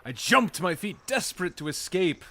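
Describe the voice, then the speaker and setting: A man's voice: high-pitched, sing-song, fairly quick, pushed and bright, a little hiss or hum, voice pushed up, heavily acted. A man reading aloud the first-person narration of a troubled young male protagonist from a visual novel, in a tense manner.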